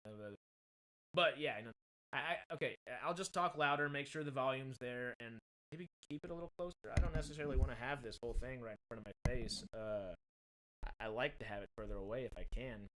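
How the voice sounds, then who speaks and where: A man's voice: medium pitch, a little fast, fairly bright tone. A man, chatting casually on a home livestream in a rambling, self-correcting way while he fixes mic problems on a desktop mic. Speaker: streamer. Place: home streaming room. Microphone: desktop USB mic with pop filter.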